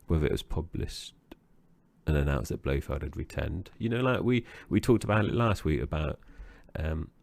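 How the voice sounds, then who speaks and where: Deep gravelly man chatting. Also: expressive, moderate pace, darkish tone. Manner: rambling, hesitant, with restarts. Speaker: podcast co-host. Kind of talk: casual film-review chat.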